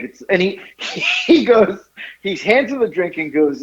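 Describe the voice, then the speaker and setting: A man telling a funny story on a podcast, animated and often laughing at his own tale. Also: high-pitched, measured pace, lo-fi sound. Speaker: podcast co-host. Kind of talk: casual storytelling chat.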